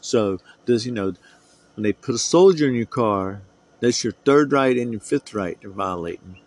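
In a lowish voice at a moderate pace, an animated middle-aged man from the US rants solo on his podcast, heated, rambling, and full of profanity.

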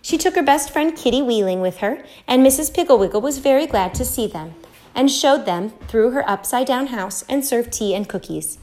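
A woman's voice: a little high, moderate pace. Woman reading a storybook aloud. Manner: lively, expressive read-aloud. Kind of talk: reading a children's book aloud.

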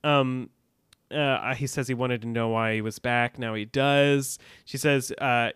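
Man recapping an episode, clear voice. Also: medium pitch, fairly even intonation, unhurried, fairly bright tone, dry recording, studio quality. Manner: recounts scenes, reading out dialogue with some drama. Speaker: podcast co-host. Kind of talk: casual recap chat.

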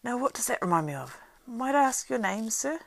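Woman voicing a fat bustling innkeeper man, loud fussy chatter, gravelly edge, dry close sound. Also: fairly high pitch, sing-song, fairly quick, dry recording, pitched above the performer's own voice.

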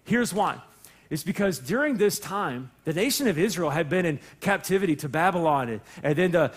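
A male pastor preaching in a church, animated and jokey, breaking into playful voices to act out the people and God in his story. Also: high voice. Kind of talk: sermon. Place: church sanctuary.

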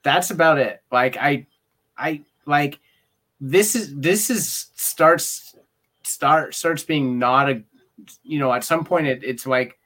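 A man's voice: fairly high pitch, slow, a bit bright. A man co-hosting a casual film podcast, ranting in an exasperated way and quoting his own reactions. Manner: exasperated, ranting with mock quotes. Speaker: podcast co-host.

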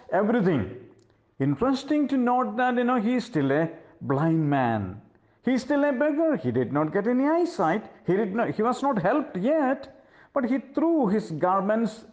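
A male preacher tells a story in a sermon, pausing on dramatic moments and asking the congregation rhetorical questions. His voice sits high for a man and swings widely in pitch. The sound is dull and lo-fi. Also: darkish tone.

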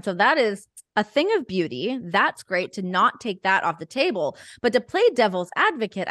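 Animated female interviewer, dry mic, playful probing. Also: medium pitch, dry recording. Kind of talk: interview conversation.

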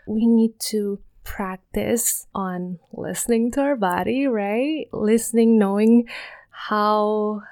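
A woman with a non-native English accent hosting a calm self-help podcast, speaking softly, sometimes dropping to a whisper and laughing lightly. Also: mid-range voice, creaky, no echo, studio quality. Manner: soft-spoken, slips into whispers, laughs lightly. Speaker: podcast host.

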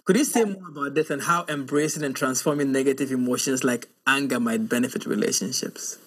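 A man's voice: mid-range voice, a little fast, a bit bright, breathy edge. A man hosting an interview, asking thoughtful, curious questions. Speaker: interview host.

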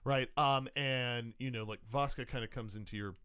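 A man narrating as game master of a tabletop game, loose and halting, full of ums. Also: mid-range voice, steady tone, bright, forceful tone, clean tone.

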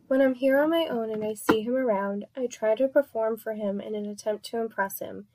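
A woman's voice: on the high side, a little mellow. A woman reading a first-person erotic story aloud in a candid, playful, confiding way. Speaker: narrator.

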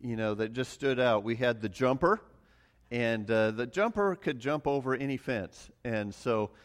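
A man's voice: mid-range voice, measured pace. Casual, chatty male pastor. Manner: conversational, many restarts and fillers, chuckles at himself. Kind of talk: casual sermon with personal stories.

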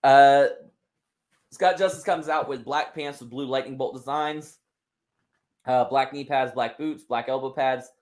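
A man hosting a wrestling booking game, narrating matches and chatting in a relaxed way. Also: medium pitch, measured pace. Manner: relaxed, reads aloud with fillers and laughs. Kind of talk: casual narration and chat.

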